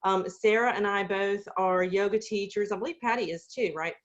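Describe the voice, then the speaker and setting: A woman hosting a casual group video call, talking in a hesitant way with many fillers and warm, effusive praise of her guests. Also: mid-range voice, moderate pace, highs cut off.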